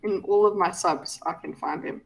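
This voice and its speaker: A woman's voice: fairly low pitch, moderate pace, creaky. A woman from South Africa with a South African accent, chatting casually and cooing over cute things. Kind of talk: casual chat.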